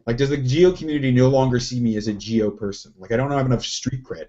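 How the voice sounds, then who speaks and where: A man's voice: mid-range voice, quick pace, hardly any pauses, warm tone. A man talking casually as a podcast co-host, rambling and questioning himself, with many restarts. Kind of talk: casual chat. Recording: lo-fi, dull sound.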